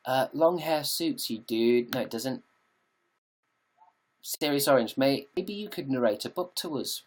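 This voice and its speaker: A British man talks casually on a live stream from home, answering comments with sweary jokes. His voice is a little husky. His pitch jumps around a lot as he talks. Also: lively intonation, measured pace. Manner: chatty, sweary, jokey. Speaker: livestreamer reading viewer comments.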